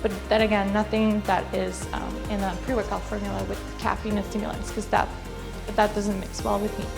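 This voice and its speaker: A woman's voice: mid-range voice, flat delivery, a little fast, vocal fry, over music. A young woman talking casually to the camera about her workout in a home garage gym, chatty, with fillers and small laughs. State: out of breath at times. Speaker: fitness vlogger.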